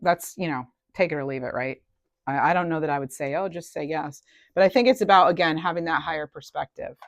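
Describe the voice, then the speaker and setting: A woman with a low, creaky voice gives a casual collective tarot reading at a quick pace, with no echo. She's chatty and thinks out loud, frequently trailing off and starting over.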